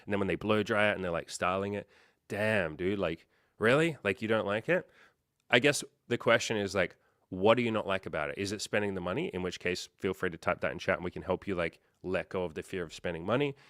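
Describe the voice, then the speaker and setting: A low-pitched man hosts a casual livestream, chatting straight to his viewers. He rambles through stories with loads of fillers and the odd curse word, sounding open and unfiltered. The sound is dry and close, with no room around it. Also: brisk, fairly bright tone, dry recording. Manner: candid, profane, rambling storyteller with lots of fillers. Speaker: dating coach hosting a livestream.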